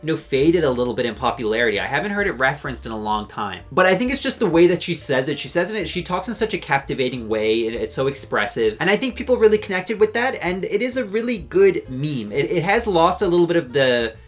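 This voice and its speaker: A man's voice: fast talker, hardly any pauses, faint music behind. Male host, casual commentary, chatty with fillers, voice swings up and down a lot. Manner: chatty, with filler words and lively pitch. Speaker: host ranking memes.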